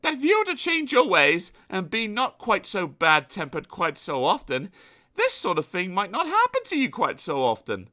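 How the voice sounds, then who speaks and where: Brief: man putting on a chirpy storybook cheerful fellow, bright and bouncy. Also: sits high, huge pitch swings, moderate pace, voice pushed up, full character voice. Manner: jolly, laughing. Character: cheerful jolly little man.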